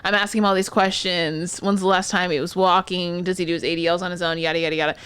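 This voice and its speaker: A woman's voice: fairly low pitch, fast talker, smooth. A young woman co-hosting a podcast, telling work stories in casual chat, swearing freely and acting out the dialogue. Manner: animated storytelling, profane, acts out dialogue. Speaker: podcast co-host.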